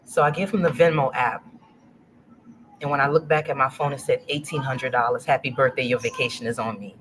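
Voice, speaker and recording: This Louisiana guest, a woman in her 40s with a rumbling low voice, tells a casual story at a fairly quick clip and acts out each person's voice in an animated way. The recording is low quality, with a little hiss or hum.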